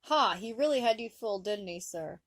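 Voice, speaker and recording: A woman's voice: medium pitch, animated, normal speed, no echo, studio quality, natural voice. A woman voicing a flustered, deferential male first officer who stammers and says sir a lot.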